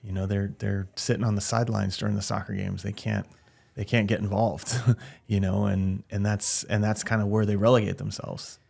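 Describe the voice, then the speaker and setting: Male podcast host, lowish gravelly voice, casual and encouraging. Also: level tone, normal speed, a little mellow. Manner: affirming, conversational. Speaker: gym owner, podcast host. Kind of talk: casual interview chat.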